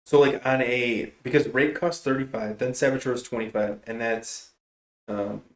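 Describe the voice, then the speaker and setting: Casual gameplay chat comes from a young streamer whose medium-pitched voice stays fairly even in a roomy-sounding recording. He trades jokes with teammates, laughs a lot, and reacts fast.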